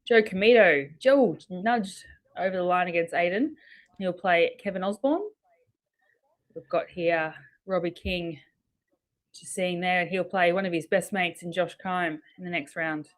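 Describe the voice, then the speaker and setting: An Australian woman co-commentating live darts, briskly running through results and laughing along with her partner. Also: lowish voice.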